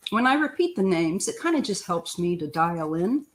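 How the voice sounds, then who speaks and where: An older woman from Missouri, a tarot reader chatting loosely through a live-stream reading, clearing her throat often. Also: on the low side, very animated, a little slow.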